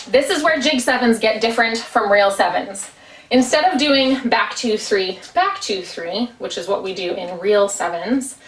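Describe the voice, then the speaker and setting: A woman's voice: fairly high pitch, fairly bright tone, a little hiss or hum. Woman teaching irish dance in her tiny kitchen, counting out steps, kinda far off the mic. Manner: counts steps aloud while dancing. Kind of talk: online dance lesson. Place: small home kitchen. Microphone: camera at a distance. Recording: echoey room, far from mic.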